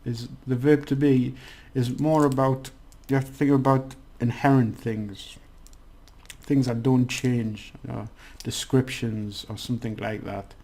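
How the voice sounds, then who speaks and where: A man's voice: medium pitch, flat delivery, unhurried, warm tone. A man giving a casual language lesson, chatty and rambling with many restarts. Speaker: language teacher.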